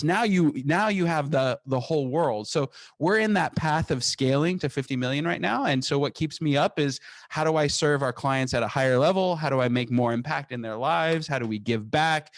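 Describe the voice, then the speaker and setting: A man's voice: on the high side, moderate pace, few pauses, dry recording. A man, a company founder, talking energetically as an interview guest, often restarting and repeating words. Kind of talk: conversational podcast interview.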